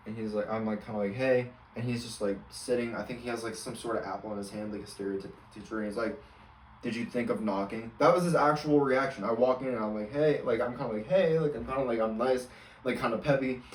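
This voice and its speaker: A man's voice: mid-range voice, reverberant, recorded from a distance, a little hiss or hum, rough recording. A man in his twenties, a college student, rambling through an exasperated story with lots of fillers. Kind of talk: casual storytelling rant.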